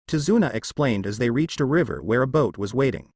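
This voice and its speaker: Guy reading a fan story out loud, lively up and down voice, dry close mic. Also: medium pitch, a little fast, hardly any pauses, breathy edge, no echo. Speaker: narrator.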